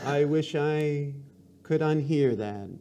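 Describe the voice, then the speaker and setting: A man's voice: on the high side, slow pace, warm tone, clean tone. A man hosting a comedy show, stammering and melodramatic in a staged phone call. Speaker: podcast host.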